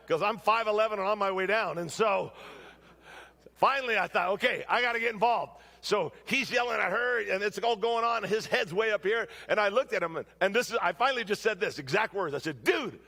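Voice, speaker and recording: A man preaching a storytelling sermon in a church, shouting during his stories and dropping low for his main points. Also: moderate pace, big-room sound. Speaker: guest preacher. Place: church sanctuary.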